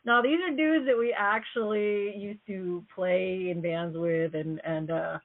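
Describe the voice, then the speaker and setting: A woman hosting a radio show in casual, rambling chat, her voice going hoarse. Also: medium pitch, steady tone, a little slow. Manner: chatty, rambling, joking. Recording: phone-like narrow band.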